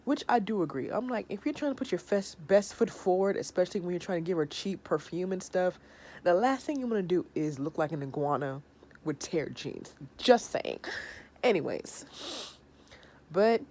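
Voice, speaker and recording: A woman in her thirties giving a sassy, animated review of a reality TV episode, sounding tired. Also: lowish voice, moderate pace. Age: 30s. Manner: sassy, animated, acts out the people she discusses. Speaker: reality TV recapper.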